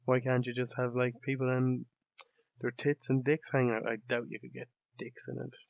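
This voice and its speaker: A man's voice: mid-range voice, monotone, normal speed, gravelly, no echo. Young irish guy ranting on his podcast, sarcastic and sweary, dull dry lo-fi mic. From Ireland. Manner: sardonic, sweary, rambling. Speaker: podcast host. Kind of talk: casual comedic monologue.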